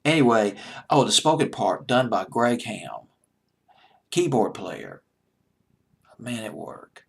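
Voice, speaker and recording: Southern-accented countdown host, husky voice, chatty and rambling. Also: male voice, lowish voice, very animated, slow pace, a bit bright. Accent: American Southern. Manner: rambling, chatty, self-mocking. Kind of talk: casual music commentary.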